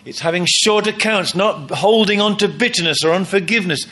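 A man's voice: sits high, fairly quick, sharp tone. A man preaching a sermon, emphatic, often acting out quoted lines.

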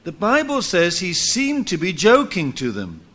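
A man preaching a sermon in church, telling a story lively and acting out what people said. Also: high-pitched, measured pace. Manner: animated storytelling, acts out quotes with laughs.

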